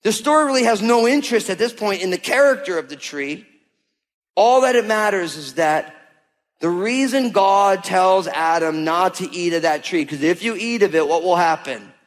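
A man's notably high voice rings through a large church hall with long reverb as he preaches a sermon at normal speed with lively intonation. This pastor is casual and emphatic, voicing quotes from God and his listeners to drive points home.

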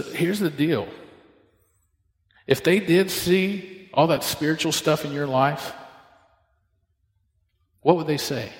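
A male pastor preaching a sermon, telling stories and acting out the dialogue in different voices. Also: medium pitch. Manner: storytelling, acts out dialogue with shifting voices. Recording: echoey hall with long reverb.

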